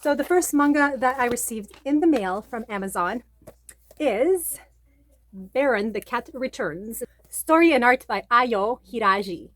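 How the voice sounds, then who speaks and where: A woman's voice: on the high side, lively intonation, unhurried, fairly bright tone. A woman vlogger chatting casually about manga and retelling a story in a rambling way, full of fillers.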